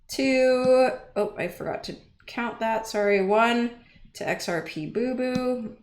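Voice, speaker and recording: A woman hosting a casual livestream, chatty and easily flustered as she talks to her chat and counts entries aloud. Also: mid-range voice. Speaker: livestream host. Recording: echoey room with faint noise.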